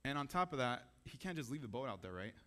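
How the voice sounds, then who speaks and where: A man's voice: medium pitch, very animated, fast talker, fairly bright tone. Man preaching a casual sermon. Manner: casual, conversational, asks the audience questions. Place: church.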